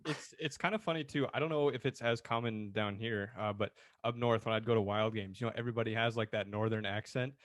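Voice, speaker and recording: A young man telling stories on a podcast in a relaxed, casual way with some fillers. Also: on the low side, brisk, hardly any pauses, no echo. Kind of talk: casual chat.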